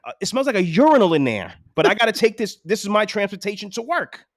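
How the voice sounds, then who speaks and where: A man's voice: high voice, sing-song, quick pace, dry recording, clean studio sound. A New man in his forties ranting profanely and with exasperation as a podcast co-host. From New York City. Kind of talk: casual chat.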